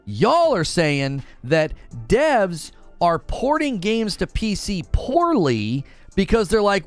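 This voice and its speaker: A man hosting a casual gaming livestream, talking in an animated, exasperated rant to his chat. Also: sits high, slow pace, dry recording, faint music behind.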